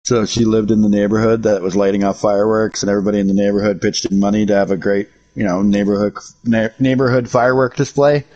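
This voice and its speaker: A man's voice: fairly low pitch, level tone, quick pace, a little mellow, dull audio. An American man chatting casually with viewers while streaming a game, joking and swearing. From United States. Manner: profane joking banter with chat. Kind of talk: casual livestream chat.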